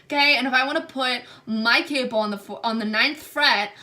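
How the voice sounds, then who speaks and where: A young woman vlogger telling a story to camera, acting out the people in it with animated delivery. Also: fairly high pitch, fairly quick. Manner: animated retelling, acts out quotes. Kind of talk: storytime vlog.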